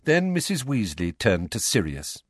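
A man narrating an audiobook, his lowish voice moving lively through the story. The recording is close and dry, with no room sound. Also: moderate pace, no echo. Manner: expressive storytelling. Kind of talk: scripted narration.

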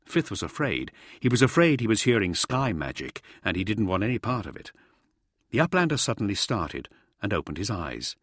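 A man's voice: fairly low pitch, big pitch swings, moderate pace, a bit bright, slightly rough, no echo, clean studio sound. A man narrating a fantasy audiobook with vivid, dramatic storytelling.

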